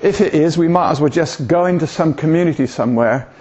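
A man's voice: fairly high pitch, fast, darkish tone, breathy edge. An older man, giving an informal sermon in a rambling, hesitant way with self-deprecating humour. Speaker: preacher. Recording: dull lo-fi recording.

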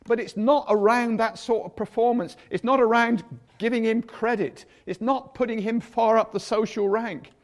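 Older man preaching, high voice. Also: steady tone, moderate pace, few pauses. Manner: chatty, acts out quotes in voices. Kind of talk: sermon.

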